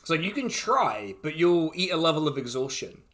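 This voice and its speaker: Easygoing man running a tabletop game, slightly high voice. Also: big pitch swings, moderate pace, a bit bright. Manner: easygoing, chuckling, explains rules loosely. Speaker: dungeon master. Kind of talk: casual tabletop game narration.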